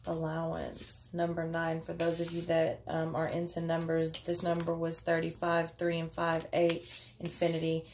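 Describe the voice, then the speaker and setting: A woman's voice: low voice, completely flat delivery, moderate pace, darkish tone, a little hiss or hum. A woman giving a casual daily tarot reading, chatty and offhand, with frequent fillers. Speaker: tarot card reader.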